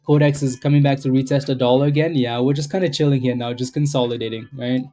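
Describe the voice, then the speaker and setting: Hosting a live stock trading stream, a man offers casual market commentary in a fast, mellow, mid-range voice with a steady tone. His talk rambles and repeats itself, and he keeps asking "right?"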